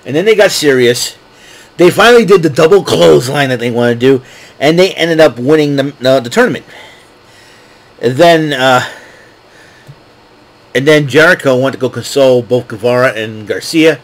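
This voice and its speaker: A man hosting a casual wrestling recap show, excitable and laughing often as he acts out what wrestlers said. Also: mid-range voice, normal speed, pauses often. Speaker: wrestling podcast host.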